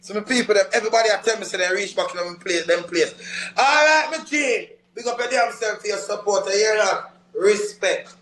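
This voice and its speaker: A Jamaican man hosting a live stream, excitedly shouting hype at his viewers during a battle. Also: sits high, a little fast, a little hiss or hum.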